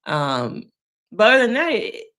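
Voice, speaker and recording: A woman's voice: mid-range voice, wildly swooping pitch, a little slow, fairly bright tone. A woman, a therapist giving opinionated, chatty live commentary on a TV series and often checking in with "okay?". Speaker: therapist reviewing TV shows.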